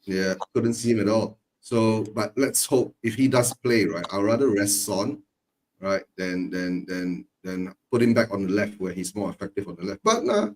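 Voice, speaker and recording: Low-voiced man who keeps saying "right?". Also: lively intonation, normal speed, darkish tone, slight background noise. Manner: tags sentences with "right?", laughs often. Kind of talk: casual football chat.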